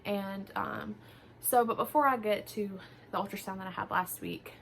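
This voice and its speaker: A young woman tells a personal story to her camera in a loose, chatty way, with lots of filler words and quoted back-and-forth. Her voice sits at an ordinary pitch with a lot of gravelly fry. A faint hiss of room noise runs underneath. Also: fairly even intonation, moderate pace, fairly bright tone. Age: young adult. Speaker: vlogger. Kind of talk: casual story time.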